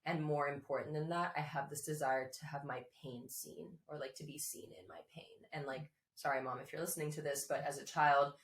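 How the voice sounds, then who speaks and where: A woman's voice: low voice, steady tone, brisk, few pauses, slight background noise. A woman guest telling a personal story in a chatty way, full of likes and restarts and frequent laughs. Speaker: podcast guest. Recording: echoey room.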